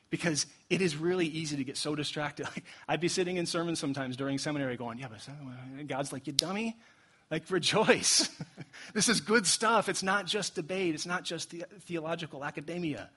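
A young man preaching a sermon in a casual, animated way, laughing often and acting out quotes. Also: on the high side, slightly rough. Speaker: pastor.

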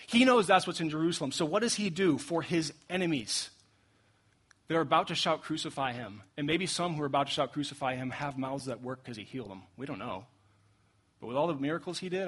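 A young man preaching a sermon in a casual, animated way, laughing often and acting out quotes. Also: mid-range voice, husky. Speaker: pastor.

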